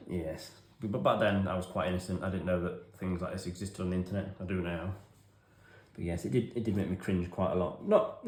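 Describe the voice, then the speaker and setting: Deep-voiced wry English man. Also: a little mellow, roomy sound. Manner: self-deprecating, wry, chatty. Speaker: hobby vlogger. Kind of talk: rambling casual storytelling. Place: home hobby room.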